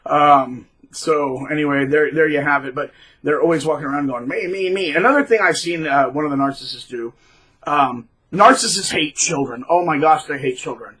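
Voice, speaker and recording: A man with a bright, slightly husky voice that sits a bit high. He speaks in a loose, rambling monologue. He is animated and restarts often. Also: normal speed, rough recording. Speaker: middle school teacher, vlogger. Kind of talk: casual monologue to camera.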